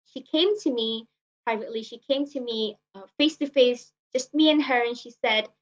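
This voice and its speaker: Young woman, club speech, higher voice, earnest, repeats herself, dull lo-fi sound. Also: moderate pace. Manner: earnest, repeats phrases, frequent fillers. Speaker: club speaker. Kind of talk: prepared personal speech. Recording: muffled lo-fi recording.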